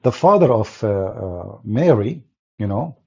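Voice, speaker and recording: Male debater, non-native English, jeering and emphatic; mellow, raspy tone on a muffled lo-fi track. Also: lowish voice, sing-song, a little slow. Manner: scornful, emphatic, laughs and jeers often. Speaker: religious debater. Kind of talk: mocking polemic commentary.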